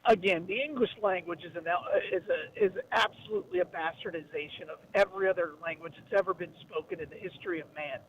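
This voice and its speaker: A man co-hosting a casual radio chat, wry and quick to chime in with agreement. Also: high-pitched, narrow, tinny audio, a crowd in the background. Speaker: radio co-host.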